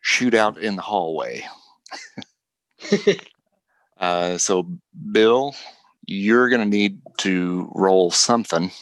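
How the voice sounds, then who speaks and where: A man narrating as game master of a Western tabletop role-play, relaxed and matter-of-fact. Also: deep voice, slow, pauses often, no room sound.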